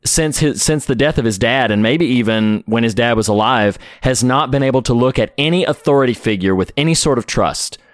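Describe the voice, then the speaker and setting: A man's voice: medium pitch, fairly quick, few pauses, dry recording, clean studio sound. A man co-hosting a podcast, talking about a classic film with heartfelt enthusiasm. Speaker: podcast co-host. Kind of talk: casual film discussion.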